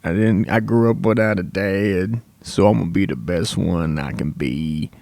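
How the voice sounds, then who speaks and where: A man's voice: low voice, normal speed, vocal fry, darkish tone, no room sound. Crude rambling comedian man, dry mic. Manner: crude, rambling, swears constantly. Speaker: comedy podcast host. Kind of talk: rambling profane comedic monologue.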